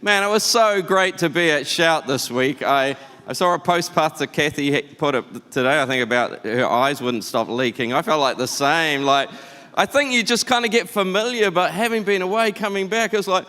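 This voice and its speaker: A man preaching a sermon as pastor, telling stories in an animated, conversational way. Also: sits high, moderate pace, clean tone. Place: church auditorium. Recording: church hall reverb.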